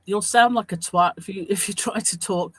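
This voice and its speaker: A woman's voice: mid-range voice, moderate pace, fairly bright tone, husky, no echo. A woman with an English accent in a casual chat, blunt and matter-of-fact. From England.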